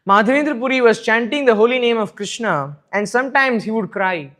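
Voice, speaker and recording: High-voiced man teaching scripture. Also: brisk, few pauses, a bit bright. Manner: emphatic, repeating points, asks listeners "right?". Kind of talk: devotional scripture class. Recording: echoey room.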